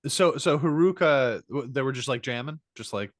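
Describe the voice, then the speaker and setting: A man with a New Jersey accent talks in a laid-back, casual way as a podcast co-host. His voice sits at a middle pitch. The recording is close and dry. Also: normal speed, no room sound. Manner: laid-back, says "bro". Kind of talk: casual chat.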